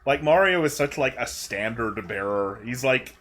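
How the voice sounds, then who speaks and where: A man's voice: medium pitch, expressive, moderate pace, fairly bright tone. A young man hosting a casual livestream while playing, rambling with lots of fillers and frequent laughs. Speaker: streamer host.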